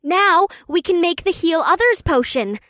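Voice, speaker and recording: A coy young cat girl with a breathy, purring manner, as a man puts her on in falsetto. Her voice sits far above the reader's own register and has a thinner, altered timbre. It comes across as a storybook companion, voiced close and dry. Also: very animated, unhurried, pushed and bright, no room sound, full character voice. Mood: practical.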